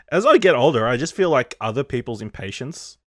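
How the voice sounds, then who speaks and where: Man, bright tense tone, lively pitch, dry sound. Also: normal speed, no echo. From Australia. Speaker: podcast panelist, retail worker. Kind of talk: casual roundtable chat.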